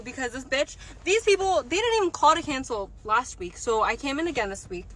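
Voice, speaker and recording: A seventeen-year-old girl ranting casually to her phone about job hunting, profane and animated. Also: high-pitched, a little fast, rough recording. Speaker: job seeker. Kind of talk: casual rant to camera.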